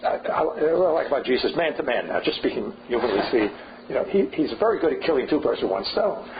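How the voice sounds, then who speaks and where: A man's voice: medium pitch, big pitch swings, quick pace. An older man leading a seminar on scripture, thinking aloud with frequent restarts and asides. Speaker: seminar leader. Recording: dull lo-fi recording with faint hiss.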